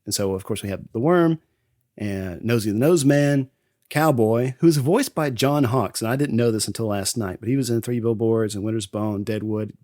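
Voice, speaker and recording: A man hosting a casual podcast and recapping a film, laughing often and acting out lines in quick voices. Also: medium pitch, darkish tone, no room sound, clean studio sound. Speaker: podcast host. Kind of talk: casual movie recap chat.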